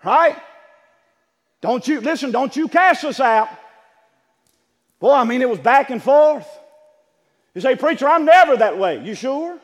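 A man delivers a sermon in a strikingly high voice that swings up and down, moving slowly with frequent pauses. He builds from quiet, low asides into loud shouted preaching and acts out quotes. The long reverb of a church hall fills the recording.

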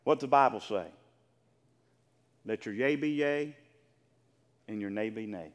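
A man's voice: lowish voice, a little slow, in a large hall. A male preacher, delivering an emphatic, fervent sermon and calling out to his congregation for responses. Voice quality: emphatic, rising to fervent shouts. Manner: call-and-response, exhorting the congregation.

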